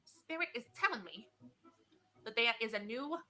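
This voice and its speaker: A woman's voice: fairly high pitch, lively intonation, normal speed, pushed and bright. A woman playing a theatrical fake psychic who talks patronizingly and keeps calling her client honey. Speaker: comedic psychic.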